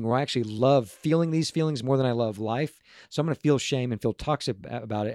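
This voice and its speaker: A man speaking as a guest to a group, telling stories in an earnest, animated way and often restarting his words. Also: mid-range voice, dry recording, studio quality. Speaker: guest speaker on parenting and emotions. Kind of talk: casual storytelling talk to a group.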